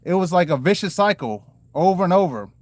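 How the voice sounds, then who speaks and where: A man's voice: sits high, animated, fairly quick. A man telling his own life story to the camera in a loose, rambling way, full of "you know" fillers and restarts. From Maryland and North Carolina, US.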